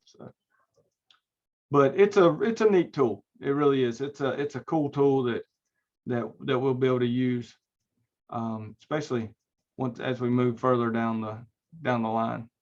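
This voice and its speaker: A man's voice: mid-range voice, a little slow, long pauses. Rambling male instructor on lo-fi audio. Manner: casual, rambling, many fillers and restarts. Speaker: networking instructor. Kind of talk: recorded online class lecture with screen share.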